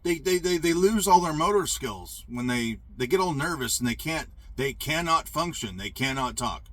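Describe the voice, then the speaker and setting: A man's voice: on the high side, animated, normal speed, a bit bright. A man ranting in a profane, rambling monologue about his service days.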